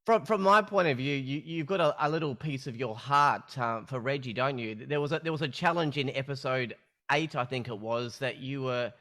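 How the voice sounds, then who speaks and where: A man's voice: medium pitch, normal speed, bright, forceful tone. A man hosting an interview who stumbles and repeats words as he asks his questions. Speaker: interview host.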